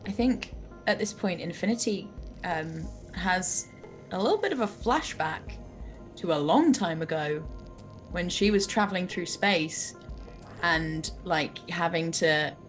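Excitable woman playing a tabletop game. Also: on the low side, a little slow, soft background music. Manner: excitable, thinking aloud with fillers. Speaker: player. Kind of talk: tabletop game player talk.

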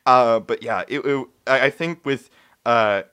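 A young man hosting a casual chat, rambling excitedly with many restarts. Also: mid-range voice, a little slow, clear, resonant tone. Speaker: host.

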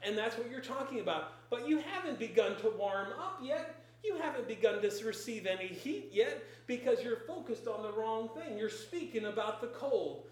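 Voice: mid-range voice, expressive, moderate pace, hardly any pauses. Preacher in a very echoey room. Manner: emphatic, repetitive declarations. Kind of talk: sermon.

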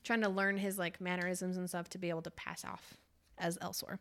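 Speaking a little fast in a lowish voice, this woman co-hosts a book podcast and casually walks through a novel's storyline. She's animated, laughs a lot, and leans heavily on "like" as a filler.

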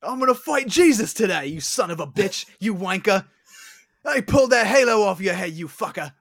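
A man's voice: high voice, expressive, moderate pace, creaky, a bit bright, voice pushed up, full character voice. A man putting on a crude, rowdy impression of a brawling, foul-mouthed male movie star. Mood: belligerent.

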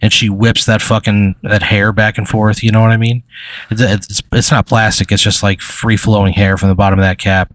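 Rambling game master, lowish voice, dry close sound, lots of uh and like. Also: male voice, level tone, normal speed, a bit bright, no room sound. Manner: rambling, filler-heavy narration. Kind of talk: narrating a tabletop role-play.

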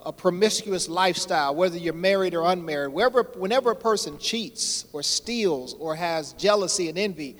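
A man preaching a sermon, repeating phrases and swelling louder on his key points, with a folksy way of addressing the congregation. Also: a little high. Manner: folksy, addresses crowd as y'all. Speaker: pastor. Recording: long hall reverb.

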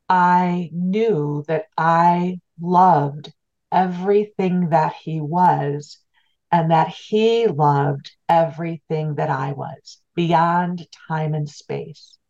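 On a dull, lo-fi recording, a middle-aged woman who teaches spirituality shares a personal story as an interview guest, speaking very slowly in a fairly low, darkish voice. She's earnest and reflective, often restarting and repeating her words.

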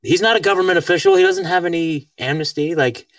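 A man's voice: high-pitched, huge pitch swings, fast, gravelly, a bit bright, no echo. A man hosting a podcast in casual conversation, rambling with lots of filler words and easy laughter. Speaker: podcast host. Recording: dry, distant from the mic.

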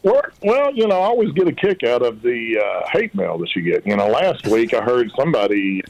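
A man's voice: mid-range voice, very animated, a little fast, vocal fry, lo-fi sound. A man calling in to a talk radio show who tells his story in a folksy, rambling way. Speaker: caller. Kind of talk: call-in radio chat.

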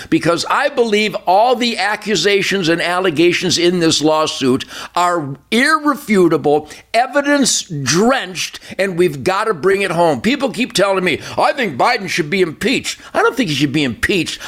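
A man's voice: high voice, big pitch swings, moderate pace, hardly any pauses, a bit bright. An older man hosting a political talk show, ranting fiery and emphatic, with lots of repetition. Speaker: show host.

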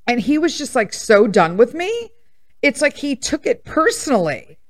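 A woman's voice: sits high, sing-song, normal speed. A woman in her fifties hosting a podcast, telling personal stories in a blunt, sassy, emphatic way and laughing at herself. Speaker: podcast host. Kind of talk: casual storytelling monologue.

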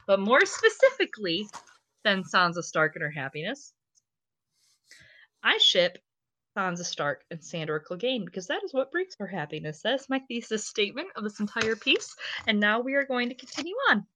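Bright, gushing tipsy woman. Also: medium pitch, moderate pace. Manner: animated, gushing, laughs often. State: tipsy from drinking. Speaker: podcast co-host. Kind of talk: casual podcast chat.

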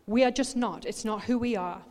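A woman pastor preaching a sermon, swinging from quiet asides to loud, animated outbursts. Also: on the high side, a little fast. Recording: long hall reverb.

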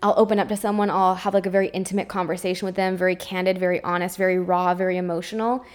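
A woman's voice: fairly low pitch, level tone, rapid-fire. Candid young woman hosting a podcast. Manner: emotional, open, says "like" often. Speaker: podcast host. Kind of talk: candid solo podcast monologue.

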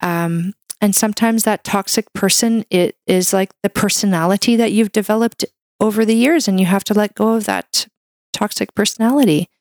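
A woman's voice: mid-range voice, normal speed, darkish tone, no echo, studio quality. A woman hosting a wellness podcast, talking in a heartfelt, encouraging way and filling her speech with "like" and "you know". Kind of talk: casual monologue.

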